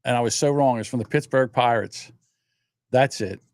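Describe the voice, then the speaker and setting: A man's voice: mid-range voice, moderate pace, a little mellow, no echo, studio quality. A man in his sixties hosting a livestream, telling rambling stories in casual chat and swearing freely. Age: 60s. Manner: profane, rambling storyteller. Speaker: livestream host.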